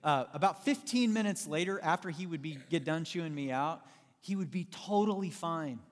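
A man delivers a sermon in a large church hall, his voice a touch higher than most men's and trailing off into a long reverb. He tells stories with animation and tosses playful asides to the congregation. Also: animated, normal speed. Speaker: pastor.

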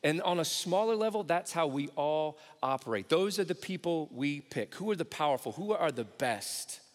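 A man preaching a sermon, telling Bible stories casually and acting out the characters' voices, then dropping low and slow for key points. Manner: animated storytelling, acts out voices of biblical characters. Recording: long hall reverb.

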